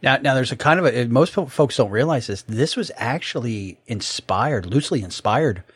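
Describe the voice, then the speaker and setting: A middle-aged man chatting casually over a video call, halting and rambling with many fillers. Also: mid-range voice, lively intonation, slightly rough, no echo. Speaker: co-host. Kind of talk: casual chat.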